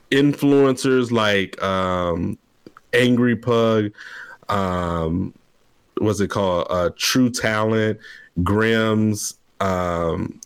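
A man co-hosting a casual gaming podcast, talking in an excitable, rambling way. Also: on the low side, clean tone, dry recording. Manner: excitable, rambling gamer talk. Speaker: podcast co-host. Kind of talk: casual chat.

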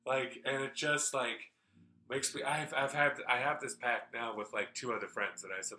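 Bright-voiced man telling rambling stories. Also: mid-range voice, moderate pace, a little hiss or hum, low-quality recording. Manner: rambling, animated, lots of fillers and swearing. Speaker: podcast co-host. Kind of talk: casual chat, storytelling.

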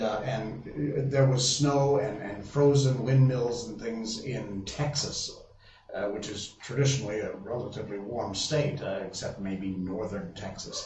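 A man's voice: on the low side, darkish tone, recorded from a distance. A man chats loosely on a live stream, wandering from point to point and reading out viewer comments as he goes. He sits well back from the mic in a roomy space, and the sound is dull and lo-fi with a faint hiss underneath. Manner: rambling, restarts often, reads chat aloud. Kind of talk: casual live-stream chat.

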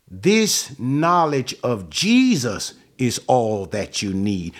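A man's voice: medium pitch, big pitch swings, takes it slowly, hardly any pauses. A man teaching a Bible passage in an expository sermon, emphatic, asking rhetorical questions and answering them. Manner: emphatic, rhetorical questions, rising to stress key words.

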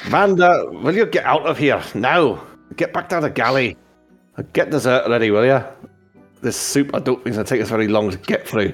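A man voicing a weathered female elf ship captain who gives orders briskly. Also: mid-range voice, expressive, faint music behind, voice pushed up. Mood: bossy.

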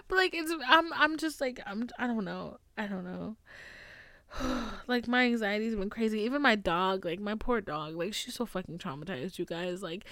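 A woman's voice: mid-range voice, normal speed, bright, forceful tone, no echo. A young woman from the United States hosting a podcast, talking in a casual, rambling, profanity-heavy confessional monologue and laughing to cope. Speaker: podcast host.

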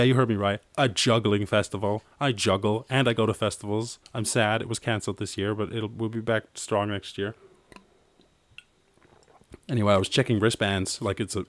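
A man from Ireland hosting a podcast, rambling through an animated story with swearing and laughs. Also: on the low side, no echo. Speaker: podcast host. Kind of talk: casual monologue.

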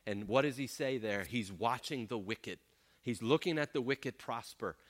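A man leading an interactive Bible class, animated and acting out people's complaints in voices. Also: medium pitch, moderate pace. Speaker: pastor teaching a class.

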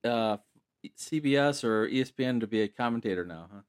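Male podcast host, mid-pitched, moves briskly between topics. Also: expressive, smooth. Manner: quick, laughs along, steers topics. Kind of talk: casual sports chat.

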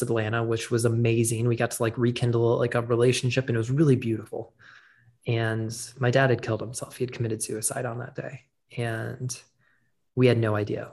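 A young man in his twenties telling a personal story to an audience in a casual, conversational way, often dropping into a quiet, low voice. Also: gravelly. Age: 20s. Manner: casual, many "like"s, drops to quiet low tones in the heavy parts. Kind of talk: storytelling talk.

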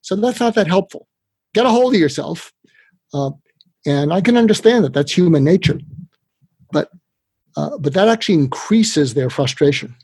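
An older man, a guest expert, giving communication advice in a lively conversational way, acting out quotes as he goes. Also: fairly high pitch, normal speed, long pauses, slightly rough, no echo. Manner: animated, tells tips with acted-out quotes. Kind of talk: conversational interview.

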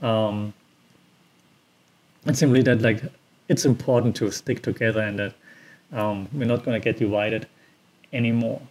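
A man's voice: lowish voice, steady tone, a little slow, long pauses, darkish tone. A young man from Germany hosting a casual solo podcast, chatty and loose, with many "like"s and fillers. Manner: chatty, filler-heavy, says "like" often. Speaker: podcast host.

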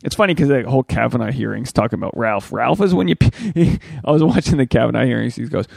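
A gravelly-voiced man in his thirties rambles through a solo podcast, crude and loose, with his pitch jumping up when he gets worked up. His voice sits at an average height and has a rough fry to it. The sound is dry and close, with no room around it. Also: fast, dry recording. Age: 30s. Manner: crude, rambling and animated, with loud pitch jumps. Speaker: podcast host.

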